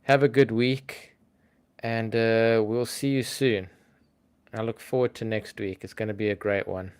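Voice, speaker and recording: Relaxed, chatty man, fairly low voice. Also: a little slow, clear, resonant tone. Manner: relaxed, chatty, frequent ums. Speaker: livestream host. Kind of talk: casual livestream chat.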